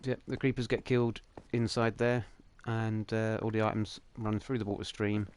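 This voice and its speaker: A man's voice: fairly low pitch, monotone, normal speed, darkish tone, clean tone. A young man hosting a game livestream, talking through it in a chatty, jokey, rambling way. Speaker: livestream host. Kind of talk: casual game commentary.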